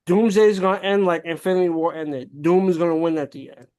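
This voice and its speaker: A man's voice: high-pitched, fairly even intonation, fast, a little mellow, clean tone. A man co-hosting a podcast in casual chat, explaining his points matter-of-factly. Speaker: podcast co-host.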